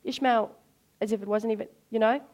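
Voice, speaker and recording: A woman preaching a sermon, telling stories in an animated way and acting out the voices in them. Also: fairly high pitch, fairly quick. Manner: animated storytelling, acts out voices.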